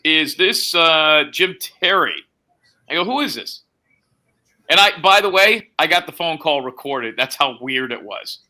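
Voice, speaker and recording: A man telling a story in a casual chat, acting out both sides of a phone call and swearing freely. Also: fairly high pitch. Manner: animated storytelling, acts out quoted phone dialogue, swears.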